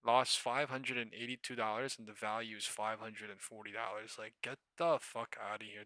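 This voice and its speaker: A man rants through his live trading stream, cursing freely and sounding exasperated at the market. His voice is mid-pitched and very bright with an edge. The sound is dry and close, with no room echo. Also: little pitch movement, a little fast, few pauses. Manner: profane, exasperated rambling about trades. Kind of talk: casual live-stream commentary.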